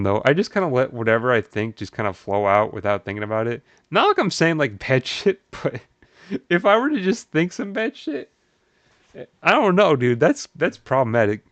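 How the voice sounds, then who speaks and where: Animated man reacting in disbelief. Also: dry recording, dull audio. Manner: animated, incredulous, swears, laughs often, jumps up in pitch. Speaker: streamer. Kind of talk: live stream commentary, reading posts aloud.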